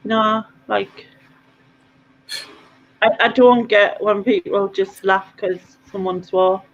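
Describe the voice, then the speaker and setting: A woman's voice: medium pitch, fairly even intonation, slow. A woman hosting a casual live-stream chat, a chatty storyteller over a video call. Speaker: host. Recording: dull lo-fi stream audio.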